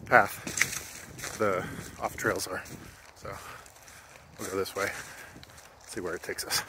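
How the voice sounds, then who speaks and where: An older man vlogging a hike, short of breath and thinking aloud with lots of fillers, recorded outdoors on a camera. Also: lowish voice. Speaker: hiking vlogger. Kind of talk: casual vlog narration. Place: outdoors on a wooded trail by a stream. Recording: noisy outdoor camera audio. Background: running water and nature ambience.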